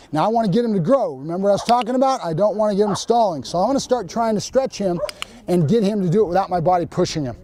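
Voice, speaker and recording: A man's voice: high-pitched, animated, racing, dark tone, slight background noise. A man, a professional dog trainer, explaining his training methods plainly and directly to viewers. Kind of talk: instructional training video.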